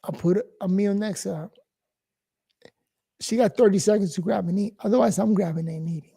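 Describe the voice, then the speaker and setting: A man's voice: high-pitched, moderate pace, creaky, warm tone, breathy edge. A man in his forties from New York, giving a blunt, profane, rambling casual monologue as host.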